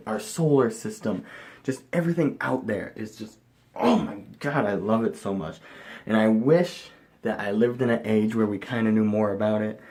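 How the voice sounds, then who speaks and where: Young male vlogger, excitable and rambling, loud bursts then mumbles. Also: fairly low pitch. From Chicago area, USA. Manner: excitable, rambling, jumps between loud enthusiasm and mumbling asides. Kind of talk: rambling casual vlog monologue.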